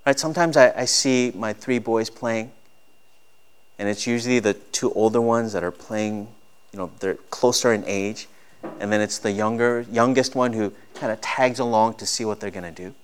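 A man's voice: on the low side, normal speed, clean tone. A man in his thirties preaching a sermon as a pastor, earnest and rising to emphatic peaks.

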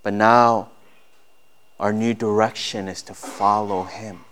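A man's voice: fairly low pitch, little pitch movement, takes it slowly, fairly bright tone, a little hiss or hum. A man in his thirties preaching a sermon as a pastor, earnest and rising to emphatic peaks.

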